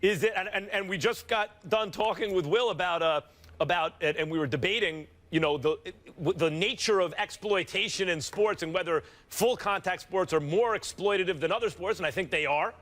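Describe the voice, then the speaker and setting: An American man on a television sports debate show who argues by firing rhetorical questions and answering them himself. His voice is high for a man and bright and sharp in tone. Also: moderate pace. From United States.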